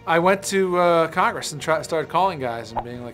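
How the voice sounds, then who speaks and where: A man's voice: fairly high pitch, normal speed, a bit bright, faint music behind. A man in his thirties, an actor chatting in a casual interview, rambling with many fillers and restarts. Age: 30s. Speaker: actor promoting a film.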